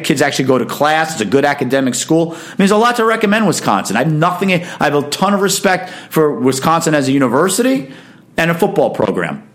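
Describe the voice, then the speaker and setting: Man, sports talk host, slightly high voice, emphatic, opinionated, chatty. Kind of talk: casual sports commentary monologue.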